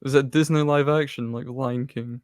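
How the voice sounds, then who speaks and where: A man's voice: mid-range voice, fairly even intonation, normal speed, no room sound, clean studio sound. A man guessing movies on a podcast, thinking aloud and repeating the clues back in casual chat. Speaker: podcast co-host guessing films.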